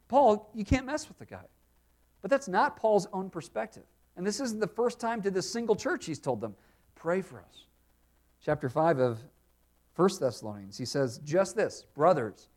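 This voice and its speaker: Male pastor, sermon delivery, earnest and explanatory, slightly high pitch. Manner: earnest expository preaching, drops quiet on prayers.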